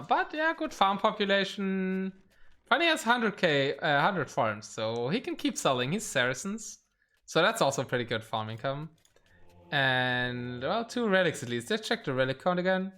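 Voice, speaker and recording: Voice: medium pitch, sing-song, normal speed, fairly bright tone. A game stream caster giving casual live commentary, thinking aloud and reacting to the play at a desk mic.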